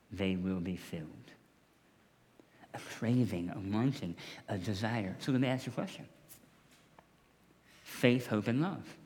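A man's voice: mid-range voice, long reverb tail. A man preaching a sermon to his congregation in a joking, conversational way, speaking to them directly. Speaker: pastor.

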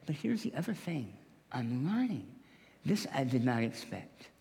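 A man's voice: medium pitch, big pitch swings, a little slow, vocal fry, darkish tone, in a large hall. A man preaching a sermon to his congregation in a joking, conversational way, speaking to them directly. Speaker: pastor.

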